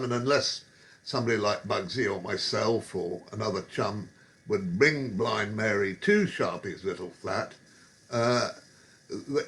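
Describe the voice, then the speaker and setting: A man's voice: lowish voice, fairly bright tone. A man telling rambling, wry pub anecdotes with chuckles and digressions. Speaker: storyteller.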